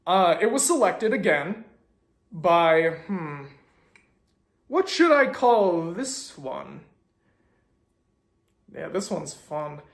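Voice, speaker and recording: A young man casually telling a story as a video host, animated with sarcastic asides. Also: high-pitched, drawn-out words, vocal fry, pauses often, roomy sound.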